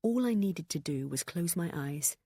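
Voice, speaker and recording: Low-voiced woman narrating an audiobook. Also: animated, normal speed, warm tone, slightly rough, dry recording, clean studio sound.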